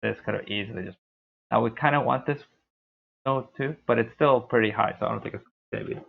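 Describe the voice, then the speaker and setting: Creaky-voiced male gaming streamer. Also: mid-range voice, a little fast, a little hiss or hum. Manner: rambling, self-deprecating. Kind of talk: casual gameplay commentary. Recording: tinny phone-like sound.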